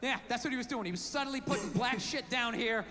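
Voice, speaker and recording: A man telling a stand-up story, ranting, profane and animated. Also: extremely high pitch, a little fast, faint music behind. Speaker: stand-up comedian. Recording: played clip with background noise.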